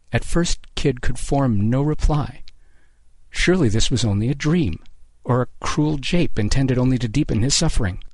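Husky man narrating a story. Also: medium pitch, normal speed, a little mellow, no echo. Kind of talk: scripted narration of a short story.

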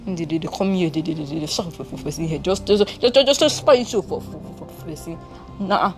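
A woman's voice: fairly low pitch, quick pace, faint music behind, pitched below the performer's own voice, lightly acted. A woman voicing a boastful, lazy young man with a Nigerian accent in a one-woman comic drama, talking in defiant, stammering bursts. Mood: defiant bragging.

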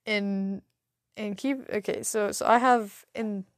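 A woman's voice: medium pitch, fairly even intonation, slow pace, no room sound, studio quality. A young adult woman hosting a podcast, telling a rambling, profane story full of stuttering restarts. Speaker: podcast host. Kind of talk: casual solo storytelling.

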